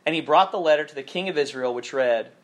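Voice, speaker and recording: A man's voice: on the high side, fast talker. A man from southern Alabama with a faded Southern accent, giving a chatty, informal sermon as a campus minister and reading scripture aloud. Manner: chatty, self-deprecating, many fillers.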